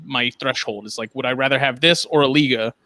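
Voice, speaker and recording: A man's voice: mid-range voice, brisk, sharp tone, no room sound. A man co-hosting a podcast, chatting casually in an easygoing, rambling way and giving blunt opinions. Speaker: podcast co-host, cigar seller. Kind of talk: casual chat.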